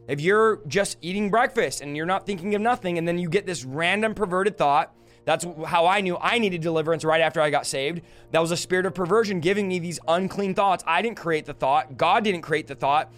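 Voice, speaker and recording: A young man, a deliverance minister, teaching earnestly on a livestream with lists and rhetorical questions. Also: high voice.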